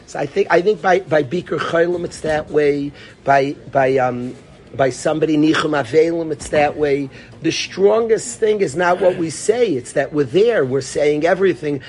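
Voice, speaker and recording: A man's voice: fairly high pitch, moderate pace, a little mellow, a little hiss or hum. Chatty man teaching a religious class. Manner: conversational, repeats phrases, addresses students by name. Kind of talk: informal Torah class.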